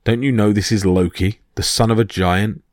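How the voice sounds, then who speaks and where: A man's voice: on the low side, fairly even intonation, moderate pace, a little mellow, no room sound, studio quality, natural voice. Thrym, a man voicing a growling frost giant king. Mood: menacing. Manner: menacing, growling. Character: hulking cruel male frost giant king.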